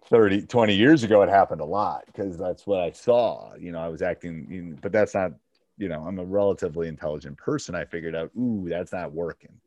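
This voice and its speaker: A man with a fairly low voice talks a fellow coach through his advice in an easy, conversational way, often acting out both sides of a dialogue. The sound is dry and close, with no room around it. The call audio is dull and lo-fi. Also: fast, darkish tone, no room sound. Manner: conversational, acts out back-and-forth dialogue. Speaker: basketball coach and podcast host.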